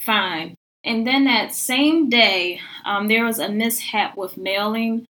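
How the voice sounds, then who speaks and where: A young woman tells a story in casual podcast chat, her voice bright and sitting a little high. She fills her speech with "like" and jumps higher in pitch when she acts out what others said. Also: slow pace. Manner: lots of "like" fillers. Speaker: podcast guest telling a story.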